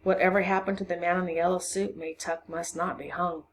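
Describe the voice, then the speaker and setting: A woman reading a children's novel aloud to a class, narrating expressively and pausing to check the listeners understand. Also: fairly low pitch, a little hiss or hum. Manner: expressive reading, voices for each character. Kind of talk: storybook read-aloud to a class.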